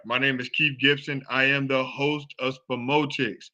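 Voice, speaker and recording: A man hosting a live sports talk show, chatting casually and excitedly, repeating himself as he rambles. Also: mid-range voice, moderate pace, dull audio. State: out of breath. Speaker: show host.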